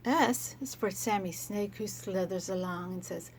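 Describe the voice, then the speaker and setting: A woman teaching young children letter sounds, speaking gently and sounding out each letter. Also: mid-range voice, a little slow, slight background noise. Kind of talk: children's phonics lesson.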